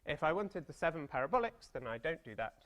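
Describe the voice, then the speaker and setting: A man's voice: fairly high pitch, very animated, fast talker, fairly bright tone. Chatty British man giving a maths seminar. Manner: chatty and self-deprecating, with playful storytelling asides. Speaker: mathematics lecturer. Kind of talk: academic seminar talk. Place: seminar room.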